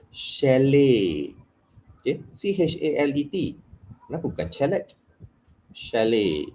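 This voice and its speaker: A middle-aged man leads an English pronunciation workshop, his fairly low voice leaping up and down in animated emphasis. He drops into Malay asides now and then, and a faint hum sits under the recording. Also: rough recording. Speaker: English communication trainer. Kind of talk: live workshop lecture.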